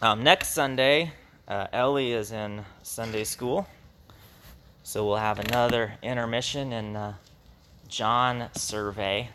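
A man's voice: mid-range voice, slow pace, background noise. A man teaching from the Bible to his congregation in a conversational way, with restarts and small chuckles. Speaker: pastor.

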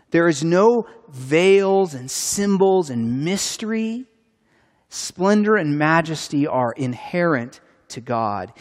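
Man preaching in a reverberant hall. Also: on the high side. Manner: earnest, conversational preaching with restarts. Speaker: pastor. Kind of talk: sermon.

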